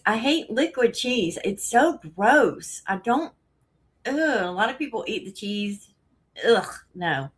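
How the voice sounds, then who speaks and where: A woman's voice: medium pitch, fairly bright tone. A woman hosting a casual live stream, out of breath, rambling and laughing often as she greets viewers.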